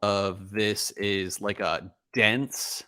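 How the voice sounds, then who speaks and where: A man co-hosting a podcast, chatting casually through a whiskey tasting, relaxed and rambling with many ums and uhs. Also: fairly low pitch, extremely slow, dry recording, clean studio sound. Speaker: podcast co-host.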